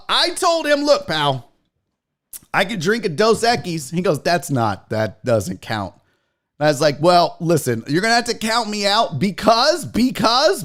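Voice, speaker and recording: A man's voice: high-pitched, fairly bright tone. A man hosting a sports talk show, joking loosely and swearing in casual banter.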